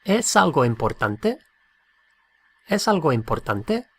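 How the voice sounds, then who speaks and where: A man's voice: on the high side, sing-song, unhurried, breathy edge. A man teaching a Spanish lesson, patiently repeating each phrase and spelling words out letter by letter. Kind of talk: slow drilled language lesson.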